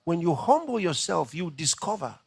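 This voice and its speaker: A man preaching a dramatic, animated sermon. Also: fairly high pitch, normal speed, vocal fry, husky, dry recording.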